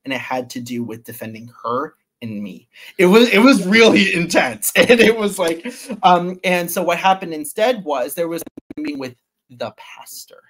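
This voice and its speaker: A man's voice: on the high side, moderate pace, few pauses. Man telling an intense story. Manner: animated, intense retelling with sudden loud bursts. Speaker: interview guest. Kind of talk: casual storytelling interview.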